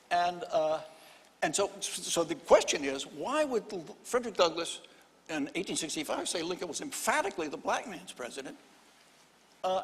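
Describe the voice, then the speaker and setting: An older historian on a panel speaks slightly high for a man, telling a story in stop-start phrases with dry humor. The live hall gives his voice a long, trailing reverb. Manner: halting, many restarts, wry storytelling. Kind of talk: panel discussion.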